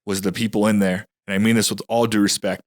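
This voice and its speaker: Fast-talking low-voiced man telling a story. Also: level tone, no room sound, clean studio sound. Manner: earnest, rambling, with frequent restarts. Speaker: podcast guest telling a personal story. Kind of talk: casual podcast conversation.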